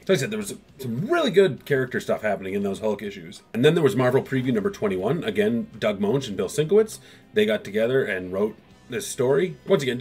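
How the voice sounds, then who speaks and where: A man's voice: mid-range voice, darkish tone, slightly rough. A man hosting a comics video, recapping old issues in a rambling, casual way and briefly acting out the characters' lines. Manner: rambling, acts out characters' lines in quick asides.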